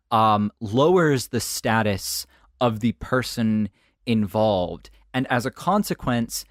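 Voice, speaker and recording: A man co-hosting a casual review podcast, talking in a playful, animated way. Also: mid-range voice, no echo, clean studio sound. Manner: animated, playful, slips into mock voices. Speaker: podcast co-host. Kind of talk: casual anime review chat.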